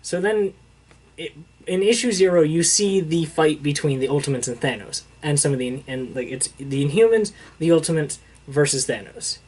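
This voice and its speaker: A man's voice: a little high, expressive, moderate pace, a little mellow, breathy edge. A young man casually recapping a comic book issue, rambling with fillers and acting out the characters' lines as he quotes them. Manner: rambling retelling with filler words and quoted dialogue.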